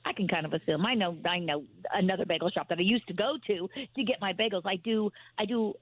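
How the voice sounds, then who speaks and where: A woman's voice: medium pitch, fast, dry recording. A woman in her sixties, a shop-owner guest chatting on the radio, telling stories and acting out what people said. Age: 60s. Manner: lively storyteller, acts out quoted dialogue. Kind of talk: casual radio chat. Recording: dull lo-fi radio broadcast.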